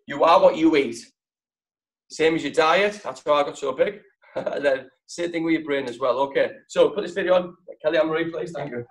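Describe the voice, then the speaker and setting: A man's voice: a little high, fairly quick, poor audio. A man hosting a sales training session, chatty and direct, with a jokey motivational tone.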